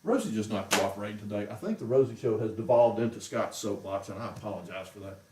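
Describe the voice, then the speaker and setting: A man's voice: lowish voice, animated, quick pace, noisy background. A man hosting a casual show from home, ranting in a heated, exasperated way. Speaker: show host. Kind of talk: casual rant on a livestream. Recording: roomy echo, mic far off.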